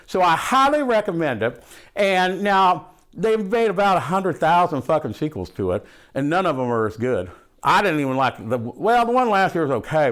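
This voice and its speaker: A man's voice: on the high side, fairly bright tone. A man playing a brash, foul-mouthed movie buff in a comic monologue, rambling and loose, full of swearing and "ain't". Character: brash foul-mouthed man gushing about horror films.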